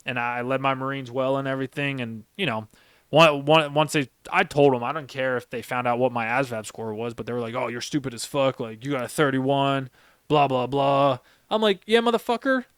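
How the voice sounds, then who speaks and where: A man's voice: medium pitch, steady tone, fairly quick, fairly bright tone, clean tone, dry recording, studio quality. A young man and former Marine sergeant who hosts a podcast. He tells stories in a rambling, emphatic way and swears heavily. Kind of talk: casual storytelling chat.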